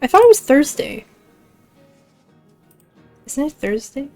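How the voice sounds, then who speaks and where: A woman's voice: sits high, sing-song, takes it slowly, darkish tone, soft background music. A young woman streaming a game, chatting casually with viewers, reading chat aloud and giggling often.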